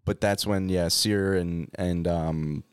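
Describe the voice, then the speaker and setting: A man with a deep, low voice chats on a podcast, recorded dry and close. He gets worked up and swears freely while retelling scenes. His talk is loose and casual. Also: slow, clean tone, dry recording. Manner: excited, swears often, acts out scenes. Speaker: podcast co-host. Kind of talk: casual chat.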